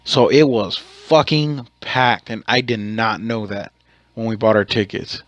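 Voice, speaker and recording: A man's voice: fairly low pitch, steady tone, a little slow, no room sound, highs cut off. Rambling, cursing man telling a story. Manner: rambling, profane, self-correcting. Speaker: podcast host. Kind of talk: casual storytelling monologue.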